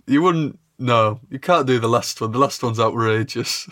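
A man's voice: medium pitch, moderate pace, a bit bright. A man co-hosting a casual comedy podcast chat, laughing often and teasing his friend. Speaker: podcast co-host.

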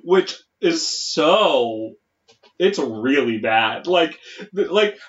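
A podcast co-host chatting casually through an episode recap, quick to agree and chime in with short replies. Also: mid-range voice, animated. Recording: echoey room, muffled lo-fi sound.

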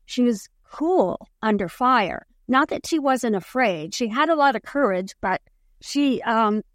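A woman author being interviewed on a podcast, telling history in an earnest, measured way. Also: on the high side, animated, no echo, clean studio sound. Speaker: author guest.

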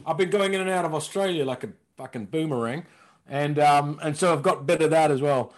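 Rambling London-born comedian, higher voice. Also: male voice, fairly quick. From London, England. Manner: rambling, self-mocking, often laughing. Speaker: comedian and impressionist guest. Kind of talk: casual podcast chat.

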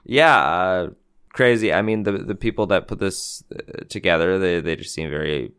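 Joking low-voiced man co-host. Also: normal speed, a bit bright, clean tone. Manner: joking, rambling, swears freely. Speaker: podcast co-host. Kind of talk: casual chat.

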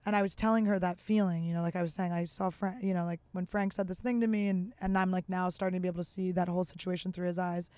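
Open, emotional woman with a smooth voice. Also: on the low side, steady tone, fast talker, few pauses, warm tone, no echo. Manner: emotional and open, with many fillers. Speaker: guest. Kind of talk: candid personal storytelling.

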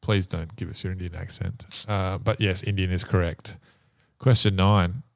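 Low gravelly quiz host. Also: male voice, steady tone, normal speed, no echo, clean studio sound. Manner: laughing, matey banter. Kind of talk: casual podcast quiz.

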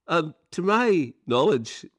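A man's voice: fairly high pitch, fairly bright tone, slightly rough, no echo. A middle-aged Irish man co-hosting a podcast, telling a rambling story with lots of "you know" and chuckles. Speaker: podcast co-host. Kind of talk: casual storytelling chat.

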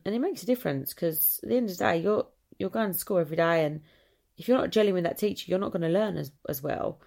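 A woman with an Essex accent chats on her own podcast in a rambling, friendly way and often acts out what other people say. Her voice sits a little low and has a strong gravelly fry. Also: a little mellow. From Essex, England. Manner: chatty, rambling, quick to quote others. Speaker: podcast host. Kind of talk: casual solo chat.

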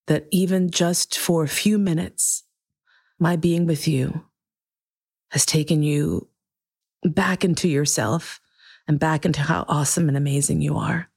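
A woman hosting her own podcast, speaking earnestly and emotionally to listeners, with frank, profane warmth. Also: sits low, gravelly, husky, no echo, studio quality. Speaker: podcast host. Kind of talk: heartfelt solo podcast monologue.

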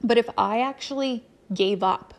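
A woman's voice: fairly high pitch, normal speed. A woman hosting her own podcast as a business coach, talking candidly and casually, with many "like" and "you know" fillers and the odd swear word. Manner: occasional swearing. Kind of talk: motivational solo podcast talk.

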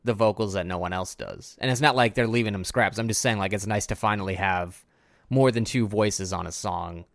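A man's voice: lowish voice, fairly quick, vocal fry, dry recording, studio quality. A tired man co-hosting a podcast, rambling through a casual music discussion with lots of filler words. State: tired, yawning. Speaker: podcast co-host.

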